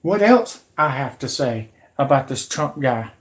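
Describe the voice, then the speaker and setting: A man's voice: medium pitch, expressive, a little slow. A man in his late thirties hosting his own channel, delivering a heated, repetitive, confrontational political rant. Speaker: channel host.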